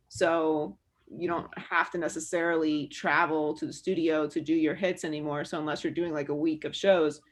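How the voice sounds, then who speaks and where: A woman sports broadcaster candidly answering student questions over a video call, relaxed and full of fillers. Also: low-pitched.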